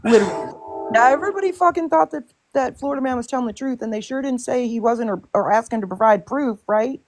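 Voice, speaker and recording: A woman's voice: a little high, lively intonation, fast talker, soft background music. A woman hosting a live stream in casual chat, ranting bluntly and swearing often in exasperation.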